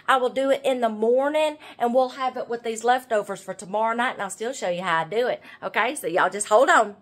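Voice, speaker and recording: Older woman, Southern drawl, a little high-pitched, homey cooking chat, talks straight to viewers. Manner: chatty, keeps addressing viewers as y'all and checking okay. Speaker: home cooking vlogger. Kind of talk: casual cooking demonstration. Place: home kitchen.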